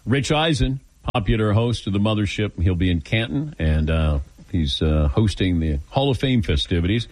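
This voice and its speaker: Male radio host, relaxed teasing banter, lowish voice with lots of movement. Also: moderate pace, hardly any pauses, low-quality recording. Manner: easygoing, teasing, laughs often. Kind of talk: casual talk radio chat.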